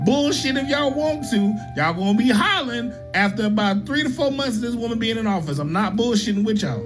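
A woman with a high, lively voice rants bluntly and mockingly, swearing freely. Music plays clearly behind her. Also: normal speed, few pauses. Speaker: commentator. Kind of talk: reaction rant. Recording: music playing underneath.

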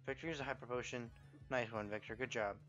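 A young man narrates his own gameplay in a casual, excitable way. He swears freely and jumps from muttering to loud outbursts. The recording sounds a little muffled, with faint game music under his voice. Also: mid-range voice, quick pace. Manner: excitable, profane, reacting loudly to the game. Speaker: gameplay commentator. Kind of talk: let's play commentary.

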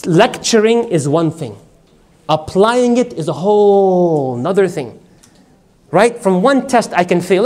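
A man with a high-set voice delivers a lively religious talk. He tells personal stories, voices the people in them, and keeps asking his listeners to respond. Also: moderate pace. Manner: storytelling, acts out dialogue, asks audience to respond. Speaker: lecturer.

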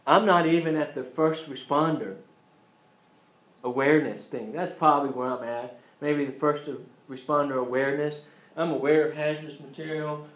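A man's voice: on the high side, fairly even intonation, moderate pace, echoey room, poor audio. A man teaching an EMT class in a casual lecture style, joking and acting out scenes as he goes. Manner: joking, acts out scenes with voices. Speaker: EMT instructor.

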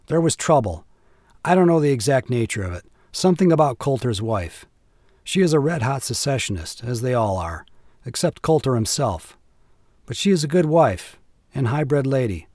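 A man's voice: mid-range voice, warm tone, no echo, clean studio sound. A man voicing a gossiping army staff officer who speaks in a hesitant, confiding way. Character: gossiping middle-aged male staff officer.

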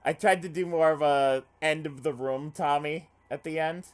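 A man's voice: on the high side, fairly even intonation, normal speed. A man streaming a visual novel, reading the text aloud and reacting with frequent swearing. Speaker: let's play streamer.

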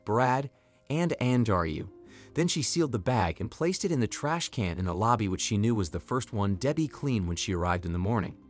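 Guy narrating a story video, clear and even, lively pitch, faint music behind.

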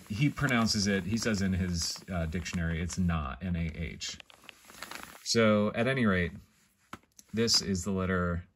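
A man with a notably deep voice walks through a lesson in an easygoing, conversational way. He often stops mid-phrase, restarts, and fills gaps with small hesitations. A faint hiss of noise sits under the recording. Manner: rambling, self-correcting, thinks aloud with many fillers. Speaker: teacher of an esoteric alphabet. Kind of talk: casual explanatory lesson.

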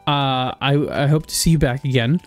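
A man's voice: mid-range voice, fairly even intonation, moderate pace, faint music behind. A man giving casual, rambling commentary while playing a farming game. He swears often and drifts into jokey tangents. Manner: joking, swears freely, rambling asides. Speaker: gaming video creator.

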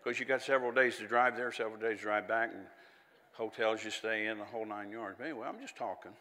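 A man's voice: lowish voice, fast, sharp tone, in a large hall. A man preaching a sermon in a folksy, conversational way, with chatty asides and little laughs.

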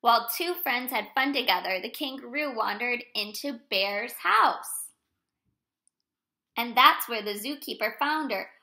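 A woman reads a picture book aloud to young children with lively, animated delivery. Her voice is high and bright. She speaks warmly and directly to her little listeners. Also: measured pace, poor audio. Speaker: storyteller for children.

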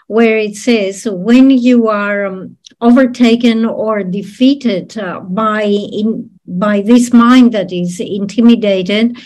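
A woman giving a Buddhist teaching, explaining a text in a measured way with frequent ums and uhs. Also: a little high, darkish tone. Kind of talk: dharma teaching talk.

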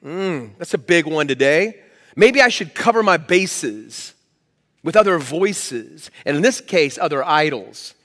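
A man's voice: fairly high pitch, expressive, a little slow, a bit bright, in a large hall. A man preaching a sermon as pastor, in a conversational, emphatic way. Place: church hall.

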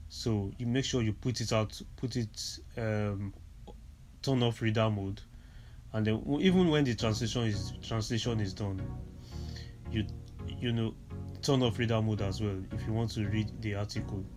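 A man with a fairly low voice guides listeners through a tutorial step by step. He stumbles and restarts often, leaning on ums as he explains. Music plays clearly behind him. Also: normal speed, darkish tone. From Nigeria. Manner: hesitant, repeats words, many fillers, instructive. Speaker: tech tutorial presenter. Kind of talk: screen reader tutorial walkthrough.

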